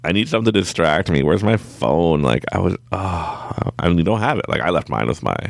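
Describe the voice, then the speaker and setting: A man telling a story in a casual, animated way, laughing often and acting out his own thoughts in different voices. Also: deep voice, a little fast, vocal fry, no room sound. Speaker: podcast guest.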